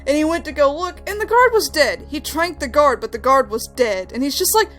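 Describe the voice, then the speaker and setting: A young woman chats about a video game, her voice sitting a little high and jumping up when she gets worked up over a story. Faint background music plays under her. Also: a little fast. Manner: animated storyteller, rising to high exclamations. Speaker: host. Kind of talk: casual game discussion.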